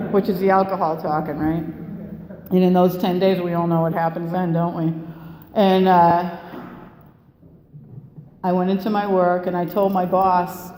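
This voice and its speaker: A woman's voice: lowish voice, level tone, normal speed, long pauses, dark tone. A woman around sixty tells her recovery story to a live audience, blunt and profane, laughing between lines. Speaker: recovery meeting speaker. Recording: echoey hall with long reverb, faint room hum.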